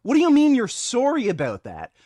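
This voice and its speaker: Man, profane reaction rant, loud mocking delivery, dead dry audio. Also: very high-pitched, wildly swooping pitch, brisk, dry recording. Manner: loud, mocking, swears constantly. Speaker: livestream host reacting to videos.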